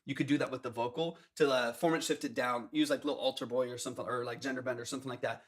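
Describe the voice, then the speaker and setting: A man giving quick, technical, enthusiastic feedback on a song during a livestream chat, with plenty of fillers. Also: medium pitch, fairly even intonation. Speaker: music producer giving track feedback.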